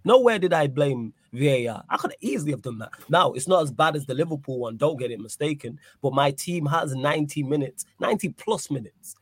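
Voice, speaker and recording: A man's voice: a little high, expressive, a little fast, few pauses, breathy edge, dry recording. A man with a slightly raised voice makes his case firmly on a casual football stream. He keeps asking and answering his own questions. The sound is close and dry. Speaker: football pundit on a live stream. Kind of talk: casual debate.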